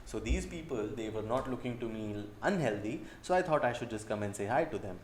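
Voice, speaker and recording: A man's voice: on the low side, lively intonation, fairly quick, reverberant. A young man with an Indian English accent who coaches dating and talks over field footage, blunt and profane and fond of repeating key phrases.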